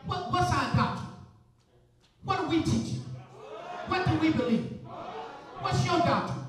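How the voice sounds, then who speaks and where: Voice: extremely high pitch, expressive, measured pace, a faint crowd. A preacher, delivering a rhythmic call-and-response sermon, firing questions at the congregation and repeating phrases. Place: large church sanctuary. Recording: echoey church, picked up from far off, congregation audible.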